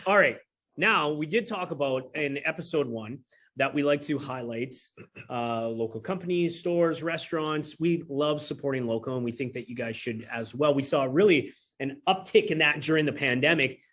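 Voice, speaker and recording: A man's voice: fairly high pitch, moderate pace, a bit bright. A man who is a realtor, co-hosting a podcast in a chatty, upbeat way. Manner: chatty, upbeat, hosts the guest. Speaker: realtor co-host. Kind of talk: casual podcast chat.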